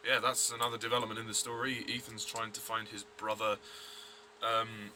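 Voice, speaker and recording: A man's voice: on the low side, completely flat delivery, brisk, background noise. A man giving a blunt, rambling review of a TV episode, full of fillers and restarts. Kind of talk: casual review vlog.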